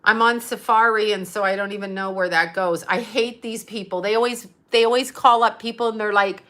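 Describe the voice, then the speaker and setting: A woman's voice: medium pitch, fairly even intonation, brisk, fairly bright tone. A woman, a psychic medium, chatting casually on a livestream, reading out comments and rambling in an exasperated tone, swearing freely, into a phone mic.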